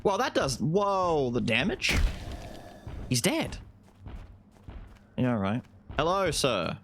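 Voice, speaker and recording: A man's voice: on the high side, slow pace, slight background noise. A man streaming a video game live, casually commentating, swearing and yelping as fights break out. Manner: excitable, swears, yelps during fights.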